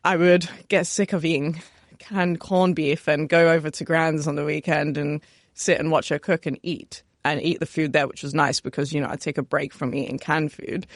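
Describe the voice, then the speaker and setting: A young woman chef from West London with a West London accent, chatting relaxed in an interview, laughing often and filling with "you know". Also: sits low, normal speed, no room sound, clean studio sound. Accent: West London English. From West London, England. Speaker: chef, guest. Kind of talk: casual interview chat.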